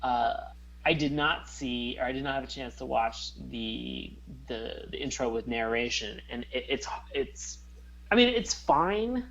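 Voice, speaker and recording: A man co-hosting a podcast in casual chat, rambling and animated as he searches for words. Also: mid-range voice, a little slow, dull audio. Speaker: podcast co-host.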